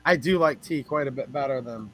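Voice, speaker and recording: A man's voice: medium pitch, brisk, a bit bright, slight background noise, rough recording. A man hosting a casual livestream, chatting with viewers and greeting them by name in a rambling, joking way. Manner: chatty, rambling, jokes with chat. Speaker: livestream host.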